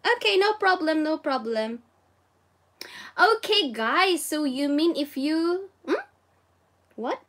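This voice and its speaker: She's a livestream host giving a casual Japanese lesson with a Filipino accent, bubbly and often giggling and exclaiming over viewer comments while mixing languages. Her voice is high-pitched, expressive, and a bit bright, and she takes it slowly with long pauses.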